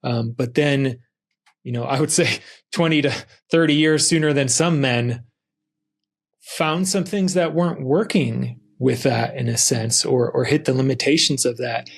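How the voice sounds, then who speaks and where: Husky, gravelly podcast host. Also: male voice, medium pitch, a little slow. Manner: curious, relaxed questioning with fillers. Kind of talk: casual interview.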